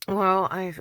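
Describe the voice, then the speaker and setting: A woman telling a rambling personal story in an agitated, repetitive way, often dropping to a breathy whisper. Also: medium pitch, fairly bright tone.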